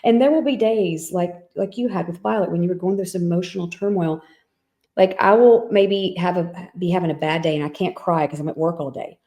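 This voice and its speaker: A woman's voice: on the low side, brisk, mellow. A woman in her thirties, co-hosting a podcast, who tells personal stories in a candid, emotional way, with many fillers and restarts. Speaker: podcast co-host. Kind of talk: casual chat.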